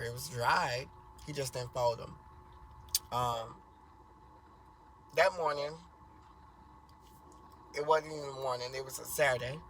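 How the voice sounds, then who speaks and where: A man's voice: a little hiss or hum, rough recording. A man telling a family story in a rambling, casual way, full of fillers and restarts, with crude language. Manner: acts out quoted voices louder and higher.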